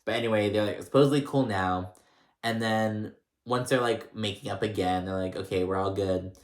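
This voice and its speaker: A man's voice: lowish voice, normal speed. A man casually recapping a reality show, gossipy and blunt, with lots of "like" and swearing. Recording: echoey room.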